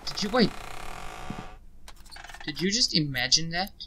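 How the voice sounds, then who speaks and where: A man's voice: on the high side, big pitch swings, measured pace, sharp tone, slight background noise, rough recording. A man hosting a gaming channel, chatting through a horror game in a joking way, talking back to the character and startling easily. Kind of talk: casual let's-play commentary.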